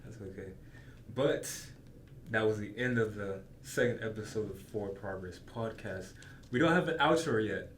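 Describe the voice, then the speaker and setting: A man hosting and editing a podcast, speaking calmly and encouragingly with many affirming hums. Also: on the low side, moderate pace. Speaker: podcast host and editor. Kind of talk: casual chat. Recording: echoey room, faint noise.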